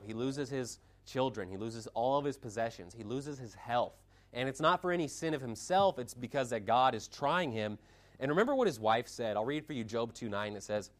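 Emphatic man preaching a sermon. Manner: emphatic, dynamic pitch swings, reads scripture aloud.

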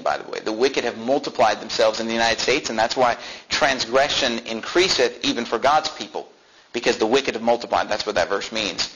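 Bright-voiced preacher, emphatic man. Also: medium pitch, slight background noise, low-quality recording. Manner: reads scripture slowly, then explains it emphatically. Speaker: pastor. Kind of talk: sermon.

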